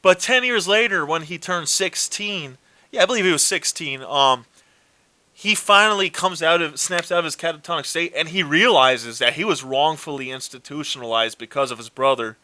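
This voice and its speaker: A man with a fairly high, bright voice retells horror movie plots in a casual chat. He acts out the characters' lines and swears freely. The sound is dry and close. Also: normal speed, no echo. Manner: animated storytelling with swearing and acted quotes. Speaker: co-host.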